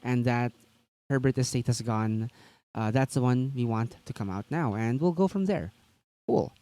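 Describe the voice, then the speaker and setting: A man's voice: medium pitch, normal speed, dark tone. A man co-hosting a tabletop gaming news stream, chatting casually and rambling with lots of fillers and restarts.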